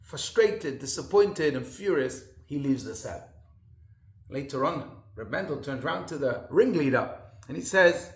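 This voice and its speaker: A man's voice: a little high, animated, unhurried, roomy sound. A man rabbi giving a sermon in an earnest storytelling manner with emphatic repetition.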